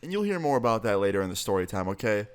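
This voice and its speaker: A young man in his twenties telling a storytime vlog in a casual, profane, animated way. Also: on the low side, very fast, clean tone.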